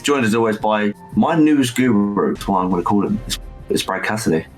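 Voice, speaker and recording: A man hosting a podcast in casual chat, chatty and self-mocking with quick asides. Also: on the low side, expressive, faint music behind, rough recording. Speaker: podcast host.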